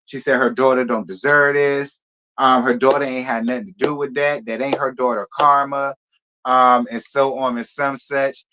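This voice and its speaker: A man's voice: medium pitch, steady tone, normal speed, pushed and bright, highs cut off, a little hiss or hum. A man giving casual celebrity gossip commentary, sassy and talking straight to his viewers.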